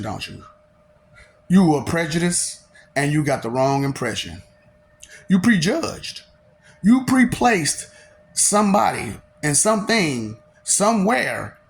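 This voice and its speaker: A man's voice: fairly high pitch, vocal fry. A man delivering a taunting, slangy monologue, laughing often between lines.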